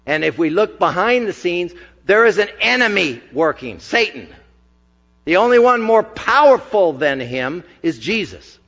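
A male pastor preaching a sermon, talking with the congregation in a conversational, emphatic way and dropping into casual asides. His voice is a touch high for a man. It echoes with long reverb through a church hall on a dull, muffled recording. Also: fairly bright tone.

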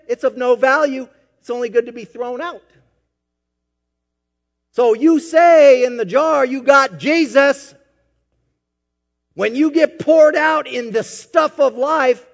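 A man preaching a sermon as pastor, swinging from quiet asides to loud emphatic peaks. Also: high voice, long reverb tail.

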